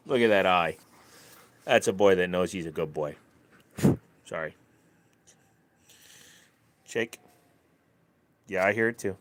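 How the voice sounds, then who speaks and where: A man's voice: deep voice, a little slow, pauses often, dry recording. A man chatting casually on his livestream, playful and swearing freely, slipping into silly voices. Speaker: streamer.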